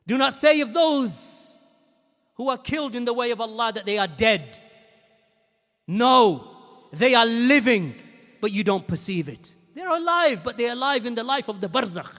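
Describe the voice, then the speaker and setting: A man preaching a sermon, emphatic and repetitive, at times rising to shouts. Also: very high voice, expressive, moderate pace, in a large hall.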